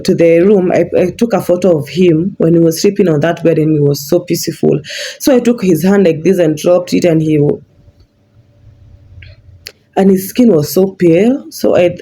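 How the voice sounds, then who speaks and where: A woman, telling a personal story as a vlogger in a halting way, often restarting her words. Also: on the low side, dark tone, breathy edge.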